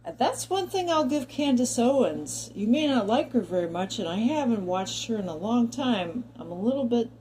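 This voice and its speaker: Chatty woman with a warm, mellow voice. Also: mid-range voice, slight background noise, poor audio. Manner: chatty and digressive, talks directly to viewers. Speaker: commentary vlogger. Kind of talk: opinion monologue to camera.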